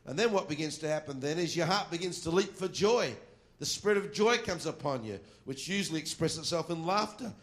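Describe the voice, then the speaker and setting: Male preacher, slightly higher than average voice, earnest sermon delivery, slow deliberate scripture reading. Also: lively intonation. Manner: earnest, reads scripture aloud slowly and firmly; drops to quiet asides.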